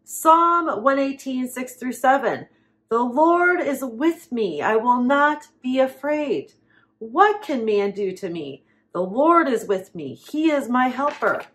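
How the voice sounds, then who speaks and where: A woman preaching, reading Bible verses aloud with slow emphasis and dramatic pauses. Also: high voice, lively intonation, a bit bright.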